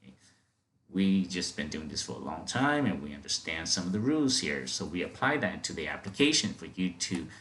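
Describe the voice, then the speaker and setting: A man giving an off-the-cuff software training, repeating words, restarting phrases and checking in with "okay?" after each point. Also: low-pitched, very animated, a little fast, a little hiss or hum. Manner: many fillers and restarts, talking off the cuff. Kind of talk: screen-recorded software training.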